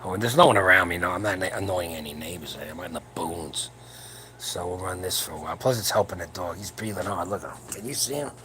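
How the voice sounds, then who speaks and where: A low-voiced man in his 70s talks fast over a noisy background during a late-night livestream for his powerlifting channel. He's at home with his wife asleep nearby, rambling and cracking crude jokes.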